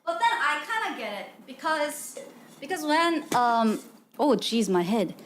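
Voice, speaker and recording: A woman's voice: high voice, very animated, unhurried, a little hiss or hum. A woman streamer chatting casually with her chat, laughing often and talking in loose, restarting sentences. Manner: lots of "like" fillers and restarts. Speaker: VTuber streamer.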